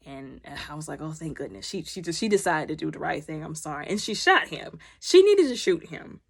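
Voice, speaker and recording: A woman's voice: low-pitched, sing-song, a little fast, vocal fry. A woman chatting casually as she recaps a TV episode, acting out the characters' lines as she retells the scenes. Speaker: TV show reviewer.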